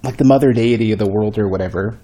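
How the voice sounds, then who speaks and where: A man's voice: fairly low pitch, fast, mellow. A man streaming a game, thinking aloud and rambling in a casual, self-mocking way. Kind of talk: casual gameplay commentary.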